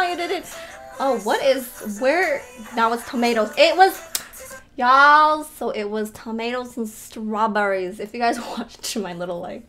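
A young woman reacting to a video in casual, animated commentary, often exclaiming and laughing. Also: on the high side. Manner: animated, exclaiming and laughing at what she watches. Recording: music playing behind her voice. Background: faint music.

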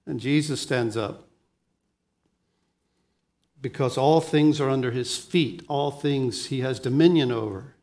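A preacher at medium pitch works through his sermon at a measured pace, pausing often. Hushed lines give way to emphatic ones, and he tends to repeat words as a thought gets going.

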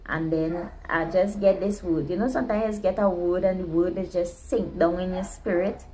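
Low-voiced woman venting. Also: steady tone, normal speed, mellow, slight background noise, rough recording. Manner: venting, earnest, faith-filled retelling. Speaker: vlogger. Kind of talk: casual personal storytelling. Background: neighborhood dogs barking.

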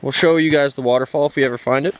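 A man's voice: medium pitch, steady tone, racing. A young man chatting casually while vlogging a snowy forest hike on a handheld camera. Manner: laid-back, jokey. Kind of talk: casual vlog chat. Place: snowy forest trail outdoors. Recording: faint outdoor noise.

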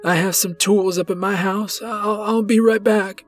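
A man's voice: sits high, fairly even intonation, unhurried, soft background music, pitched above the performer's own voice. A man voicing a rural stranger, first urgent and helpful, then strained and crying out in pain.

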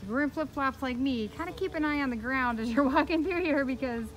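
Her voice sits high and runs a little fast as she films a casual travel vlog at an outdoor theme park. Chatty and bubbly, the vlogger coos at animals while walking through.

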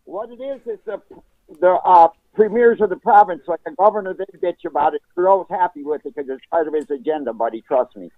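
A man's voice: sits high, fairly quick. A man from Canada calling in to a talk show, blunt and conspiratorial, calling the host buddy. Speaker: caller. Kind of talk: phone-in call. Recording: tinny dry phone line.

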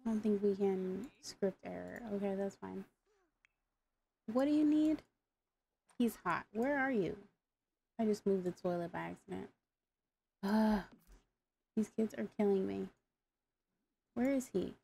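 A woman's voice: medium pitch, unhurried, gravelly, pauses often, warm tone, slight background noise. A woman giving casual gameplay commentary, exasperated and talking back to the characters on screen. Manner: exasperated, talks to the game characters. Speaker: gaming YouTuber.

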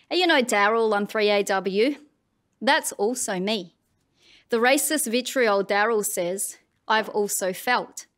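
A woman's voice: fairly high pitch, a bit bright. A woman with an Australian accent, giving an annual address on writing in a wry, conversational and pointed way. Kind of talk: public address.

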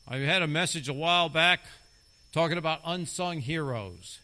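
A man's voice: a little high, fairly quick, bright, forceful tone. A middle-aged man preaching a sermon as a lay preacher, talking emphatically and repeating key phrases for stress.

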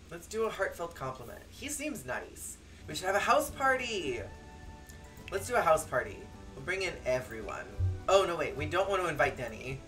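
Wildly animated, bright-voiced game streamer. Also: medium pitch. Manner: animated, joking, prone to squeals and laughter. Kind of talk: let's-play commentary. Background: faint game music.

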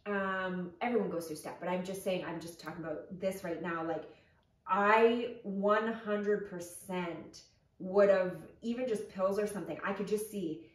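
A woman in her forties co-hosting a podcast in casual chat, animated and quick to laugh. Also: mid-range voice, roomy sound, recorded from a distance. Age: 40s. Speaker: podcast co-host.

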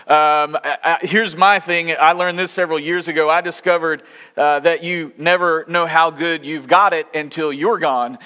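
A man's voice: fairly high pitch, fairly even intonation, moderate pace, pushed and bright, smooth. Southern man, pastor, jokey sermon opening, long church reverb. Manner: folksy, jokey, asks the congregation questions. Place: church sanctuary. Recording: echoey church hall.

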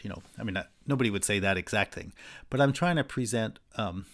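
A man's voice: on the low side, fast talker, a bit bright. A man lecturing on philosophy in a conversational way, restarting sentences and acting out examples. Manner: conversational, with frequent restarts and fillers; acts out example voices animatedly. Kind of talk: recorded university lecture.

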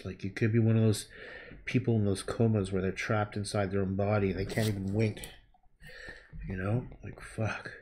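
A man's voice: fairly low pitch, moderate pace, a little mellow, a little hiss or hum. A man painting on a livestream, thinking aloud in a rambling way, humming and murmuring to himself between sentences.

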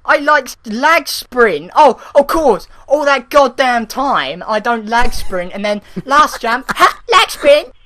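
A young man playing a game with a friend, jumpy, yelling at scares and cackling. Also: very high voice, animated, slow pace, few pauses. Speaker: gamer co-host. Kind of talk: casual gaming banter.

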